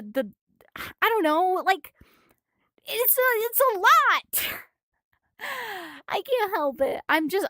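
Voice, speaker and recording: A woman streams from her room, reading a comic aloud and rambling about it in a high voice. She sounds a little out of breath, gushing and swearing freely. The sound is dry and close. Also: fairly bright tone, dry recording.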